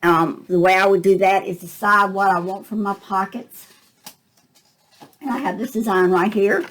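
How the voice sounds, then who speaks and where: A woman's voice: mid-range voice, steady tone, moderate pace, rough recording. An older woman, casually talking through a craft tutorial and thinking aloud as she works, with a slight cough. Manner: chatty, thinking aloud with fillers. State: coughing at times.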